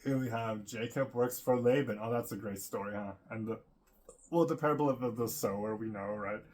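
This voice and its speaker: A man's voice: lowish voice, brisk, darkish tone. A man vlogging in a casual, meandering monologue, full of fillers and frequent laughs. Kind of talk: casual rambling monologue to camera.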